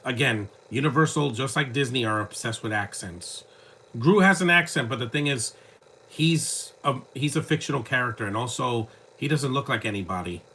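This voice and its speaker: A man's voice: mid-range voice, animated, normal speed, sharp tone, a little hiss or hum. A man giving casual live commentary over a film, with rambling, joking asides. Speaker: movie commentator.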